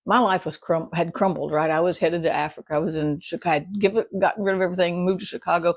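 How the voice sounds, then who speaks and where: A woman's voice: fairly low pitch, steady tone, quick pace, no echo. A woman giving a casual morning devotional as a Bible study teacher, chatty and rambling, often laughing and asking "right?".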